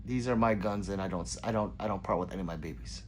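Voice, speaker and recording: A man's voice: low-pitched, fast. A man hosting a casual livestream, rambling and joking as he reads viewer comments aloud. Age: adult with children. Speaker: livestream host reading chat.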